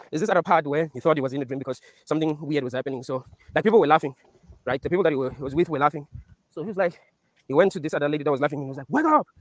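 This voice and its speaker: Man, casual rant, profane, animated, rapid talk, slightly high pitch, dry sound. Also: no echo. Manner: animated, profane, laughs while recapping scenes.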